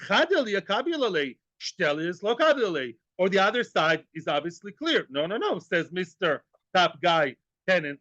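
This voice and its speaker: A man's voice: high-pitched, very animated, normal speed, few pauses, bright, forceful tone, no room sound, highs cut off. A man giving a Talmud class, joking as he goes, asking rhetorical questions and dropping in Hebrew and Aramaic terms. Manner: rhetorical questions, repeats phrases. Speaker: Talmud teacher.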